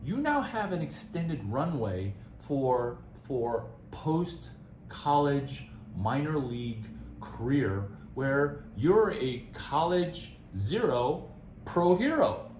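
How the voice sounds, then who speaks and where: A man giving career advice in a rambling, animated casual talk, often laughing and restarting his sentences. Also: mid-range voice, takes it slowly, reverberant, slight background noise, poor audio.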